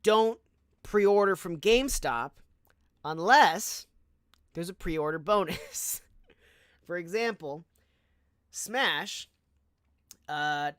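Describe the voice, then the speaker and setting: A young man from Southern California streaming, telling a casual story in a chatty, animated way with lots of fillers and asides. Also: sits high, extremely slow, pauses often, clear, resonant tone, no room sound, clean studio sound.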